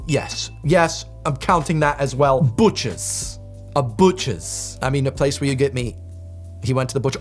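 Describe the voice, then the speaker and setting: A man's voice: medium pitch, lively intonation, faint music behind. A young man, casually joking through a quiz and reading definitions aloud with mock outrage. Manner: playful, joking, quick laughs and mock outrage. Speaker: video host.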